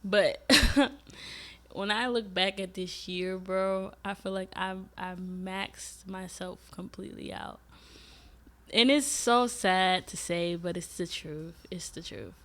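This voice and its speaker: A young woman talking casually and emotionally to her viewers at home, swearing often and jumping high in pitch when upset. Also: fairly even intonation, takes it slowly, fairly bright tone. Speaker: vlogger. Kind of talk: casual reflective chat to camera. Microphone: desk microphone.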